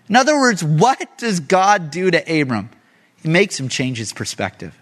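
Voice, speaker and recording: A male pastor delivers a sermon in a conversational style. He keeps his listeners engaged with rhetorical questions. His voice sits high, and his pitch moves in lively swings. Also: normal speed.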